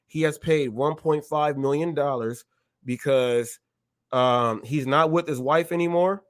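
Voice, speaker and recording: A man hosting a live stream, talking in an animated way, often repeating himself and acting out short exchanges. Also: a little high, no echo. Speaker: show host.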